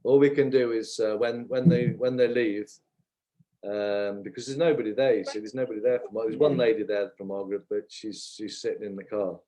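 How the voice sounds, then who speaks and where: A man rants on a livestream. His voice sits low and his tone is mellow and dark, but his talk is indignant and full of swearing. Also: steady tone, fairly quick, low-quality recording. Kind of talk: angry livestream commentary.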